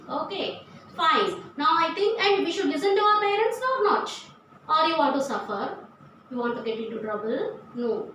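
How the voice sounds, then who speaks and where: A woman's voice: high voice, far from the mic. A woman teaching young children a lesson, spelling words out letter by letter and answering her own questions. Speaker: school teacher. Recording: echoey room, voice from off the mic, faint hiss.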